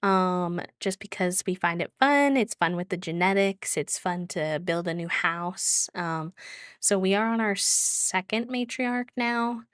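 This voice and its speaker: A woman streamer chatting casually and warmly with her viewers, with a lot of fillers and easy laughs. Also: lowish voice, a little slow, clean tone, dry recording, studio quality. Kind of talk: casual live-stream chat.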